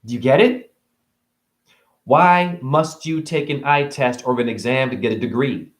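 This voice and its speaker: A man's voice: mid-range voice, measured pace, reverberant. A man ranting to camera about spirituality, sarcastic and profane. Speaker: vlogger.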